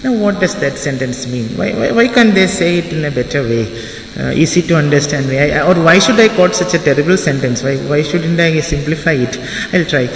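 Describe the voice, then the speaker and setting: A man's voice: on the high side, animated, moderate pace, vocal fry, slight background noise. A man giving a classroom lecture on literary theory, repeating phrases and spelling out words for his students. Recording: echoey hall, voice from far off, faint ambience.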